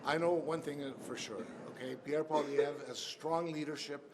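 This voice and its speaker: A man's voice: on the high side, steady tone, normal speed. A male politician answering reporters in a press scrum, emphatic and repeating "okay?" to press his points. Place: busy hallway. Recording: noisy crowd around.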